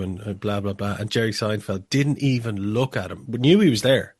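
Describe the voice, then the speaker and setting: A man's voice: fairly low pitch, steady tone, brisk, few pauses, a little mellow, dry recording, studio quality. A man co-hosting a podcast, chatting bluntly and swearing freely. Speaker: podcast co-host. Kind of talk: casual podcast chat.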